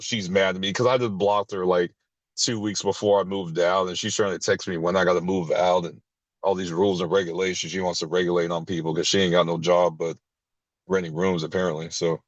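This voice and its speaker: A man with a lowish voice tells his own story in a blunt, profane way, tripping over his words and restarting. When he acts out other people's lines, his pitch jumps sharply. The sound is close and dry, with no room around it. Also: dry recording, poor audio. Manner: blunt and profane, with frequent restarts and short laughs. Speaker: recovery group member sharing his story. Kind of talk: candid personal storytelling.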